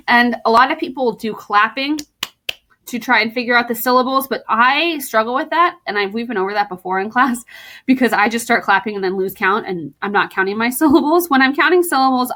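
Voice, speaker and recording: A woman teacher giving a recorded lesson to her students, playful and warm, reading poems aloud and explaining them. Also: fairly high pitch.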